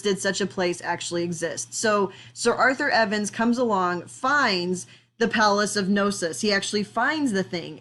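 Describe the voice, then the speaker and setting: A woman's voice: mid-range voice, fairly bright tone. Conversational woman giving an art history lecture. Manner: conversational, explanatory, with frequent fillers. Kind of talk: recorded classroom lecture.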